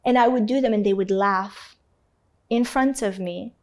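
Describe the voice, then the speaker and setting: A North African woman, appearing as an interview guest, tells her own story with emphasis and the occasional casual curse. Her voice sits at medium pitch and moves at a normal speed. She's animated and emphatic, acting out the voices of other people.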